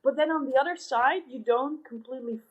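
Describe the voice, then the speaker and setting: A woman's voice: high-pitched, a little fast, slightly rough, muffled recording. A woman hosting an interview who talks thoughtfully and often searches for her words. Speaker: host. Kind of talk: conversational interview.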